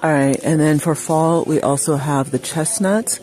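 Soft music sits in the background as a man with a slightly high, darkish voice talks at a moderate pace. Holding his phone, this shopping vlogger wanders a large craft store, calling out prices with casual enthusiasm for a shop-with-me video.

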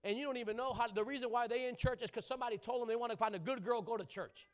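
A young adult man preaching a rousing sermon, calling for the congregation to answer and often breaking into shouts. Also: very high-pitched, very fast.

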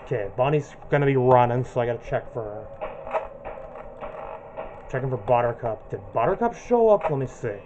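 A man's voice: mid-range voice, expressive, normal speed, long pauses, dull audio, background noise. A man hosting a gaming channel, giving casual commentary and narrating each move as he plays.

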